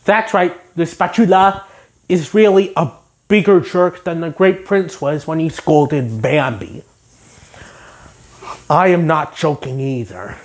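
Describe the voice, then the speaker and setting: A woman's voice: low-pitched, takes it slowly. A woman casually recapping a cartoon episode scene by scene in a chatty, giggly way.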